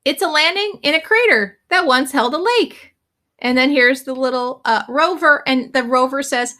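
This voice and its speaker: A woman's voice: high voice, animated, moderate pace, pushed and bright. A woman teacher giving a casual classroom lecture, chatty and laughing often as she reads comics aloud.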